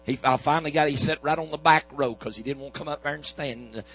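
A man's voice: on the high side, fast talker, fairly bright tone, rough recording. A man preaching a sermon, telling a healing story in a folksy back-and-forth of "I said, he said". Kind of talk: sermon testimony.

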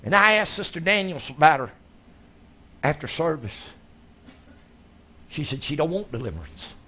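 A man preaching a sermon, telling his stories in a folksy, animated way. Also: on the high side, moderate pace, slightly rough. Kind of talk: sermon storytelling.

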